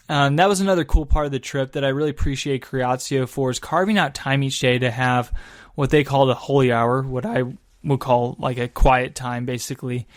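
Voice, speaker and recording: A man's voice: mid-range voice, no room sound, clean studio sound. A man hosting his own podcast, telling a travel story in an enthusiastic, casual way. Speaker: podcast host and Catholic evangelist.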